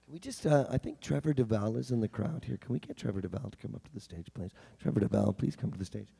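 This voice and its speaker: A man's voice: on the low side, fast talker, creaky, mellow, breathy edge. A man on a convention panel, teasing and interrupting with joking asides. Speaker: fellow panelist and voice teacher. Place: convention hall.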